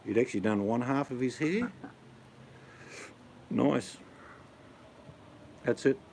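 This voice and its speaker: A middle-aged Australian man chats casually with his viewers as a vlogger answering chat, joking around in a blokey, rambling way. He speaks slowly at medium pitch, with vocal fry and a darkish tone. There's slight background noise.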